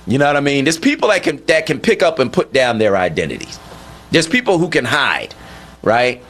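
Radio talk host, male, bright voice, animated and incredulous. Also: brisk. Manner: animated, incredulous, rising to high emphatic pitch.

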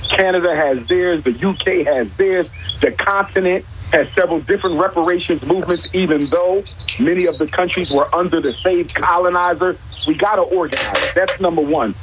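A man's voice: high voice, normal speed, background noise. A man arguing his points with emphasis on a talk show, repeating key lines and asking rhetorical questions. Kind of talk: impassioned talk-show argument.

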